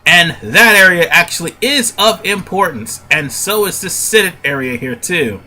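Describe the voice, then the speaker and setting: A man's voice: high-pitched, animated, moderate pace, sharp tone, soft background music. A man with a stuffy nose giving casual gameplay commentary as a let's play host. He rambles and often stops to correct himself.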